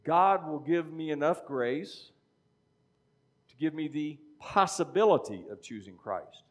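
A man's voice: fairly high pitch, animated, unhurried. A middle-aged man preaching a sermon in a conversational teaching style, often checking in with "okay?". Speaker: pastor.

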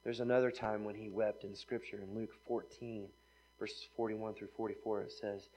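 A man's voice: fairly low pitch, little pitch movement, moderate pace, a little mellow, highs cut off, a little hiss or hum. Conversational male preacher asking "right?". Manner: conversational, often asks "right?". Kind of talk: sermon.

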